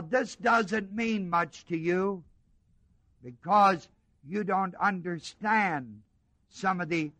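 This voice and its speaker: A man's voice: high voice, pushed and bright, no room sound. A middle-aged man preaching a sermon, asking the congregation questions and driving points home with repetition. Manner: call-and-response questions to the congregation, emphatic repetition.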